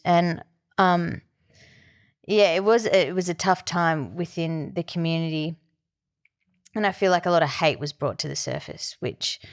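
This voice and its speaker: A woman's voice: fairly low pitch, smooth. Emotional woman telling a story. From Australia. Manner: emotional, open, many fillers. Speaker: guest musician. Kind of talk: personal storytelling.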